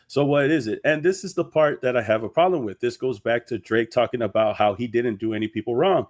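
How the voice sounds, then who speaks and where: Dude arguing his take, mid-pitch, steady and sure of himself. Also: brisk, hardly any pauses. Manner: firm, argumentative, steady. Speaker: commentator in played clip. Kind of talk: opinion commentary.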